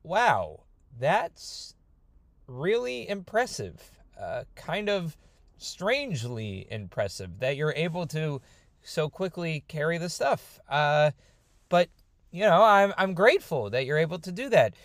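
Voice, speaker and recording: A man's voice: on the high side, very animated, slow pace, fairly bright tone, no echo, heavily acted. A man voicing a stubborn grown biblical patriarch who talks in a chatty, modern, emphatic way. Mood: impressed.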